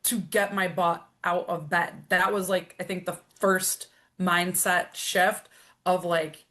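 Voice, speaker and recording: A middle-aged woman, a coach and podcast guest, telling her story in an energetic, animated way, with many restarts. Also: on the low side. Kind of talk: emotional conversational storytelling.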